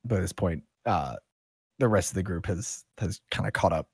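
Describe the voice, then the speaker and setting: A man running a tabletop game as game master, narrating in a relaxed, rambling way with many fillers. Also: low-pitched, moderate pace, husky, no room sound.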